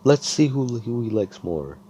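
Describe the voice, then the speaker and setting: A man's voice: mid-range voice, big pitch swings, measured pace, dark tone, a little hiss or hum, voice pushed up. A man voicing a proud young noblewoman who gets flustered and stammers defensively.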